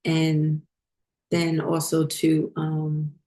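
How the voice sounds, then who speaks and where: A woman hosting a spiritual vlog, talking unhurriedly with many fillers as she glances at her notes, her voice getting hoarse. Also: low-pitched, monotone, extremely slow, mellow. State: losing her voice. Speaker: spiritual channel host.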